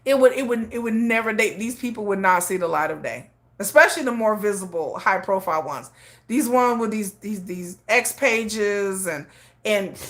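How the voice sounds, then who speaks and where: A woman's voice: medium pitch, moderate pace, fairly bright tone. A woman hosting a casual livestream, talking emphatically, often repeating herself and laughing. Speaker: livestream host.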